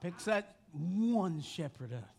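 High-pitched man preaching with passion. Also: big pitch swings, slow, gravelly, crowd noise. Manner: impassioned preaching that rises to shouting. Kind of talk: sermon.

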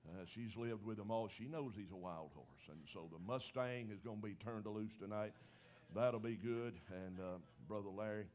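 A man's voice: lowish voice, moderate pace, darkish tone. A man preaching a sermon in a folksy, conversational way, growing emphatic as he goes. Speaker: pastor.

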